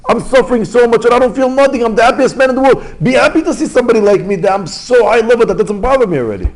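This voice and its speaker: A man's voice: extremely high pitch, animated, racing, pitched above the performer's own voice, rough recording. A man voicing an old male sage who rejoices through his suffering, in an emphatic, exclaiming manner. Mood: exultant. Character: elderly male sage, joyful despite suffering.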